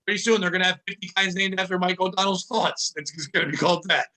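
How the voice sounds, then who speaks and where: A man hosting a comedy podcast with a high, bright voice. He riffs loosely and jokes his way from one bit to the next. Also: steady tone, fast. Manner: joking, loose, riffing. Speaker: podcast host. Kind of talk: casual comedy chat.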